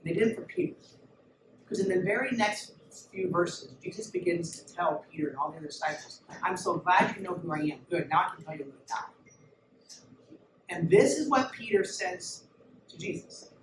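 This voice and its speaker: A high-voiced man preaches emphatically to a youth group. He is heard from a distance in an echoey church room. Steady noise sits under his voice. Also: normal speed. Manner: emphatic, urges listeners to look and listen. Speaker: youth pastor. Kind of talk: sermon.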